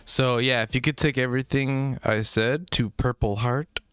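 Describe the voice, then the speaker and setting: A man's voice: mid-range voice, steady tone, moderate pace, fairly bright tone, smooth, no echo. A man hosts a music review livestream, rambling cheerfully to his viewers and swearing as he goes. His voice sits mid-range and sounds dry and close to the mic. He talks loosely and jumps between thoughts. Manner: rambling, profane, self-deprecating, chatty with viewers. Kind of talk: casual livestream chat.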